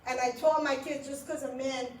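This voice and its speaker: A woman's voice: high voice, flat delivery, moderate pace, slight background noise. A middle-aged woman from Iran, an author telling stories to an audience at a library event, laughing often as she talks. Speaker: author speaking at a book event. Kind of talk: storytelling talk to an audience. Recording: roomy, distant mic.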